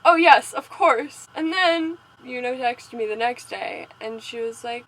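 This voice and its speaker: A young woman with a high voice tells a story on her vlog. She is animated and chatty and giggles between her lines. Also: normal speed, hardly any pauses, a little hiss or hum, poor audio. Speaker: vlogger. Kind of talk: casual storytelling.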